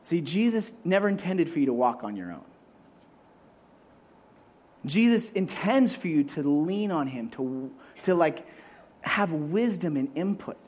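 A man preaching a sermon as a pastor, animated and acting out voices as he makes his points. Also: a little high, a little slow, long pauses.

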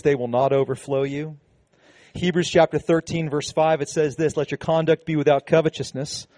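A man preaching a sermon to his congregation, animated and conversational, with casual asides. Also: mid-range voice, no echo. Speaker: pastor. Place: church service with a congregation.

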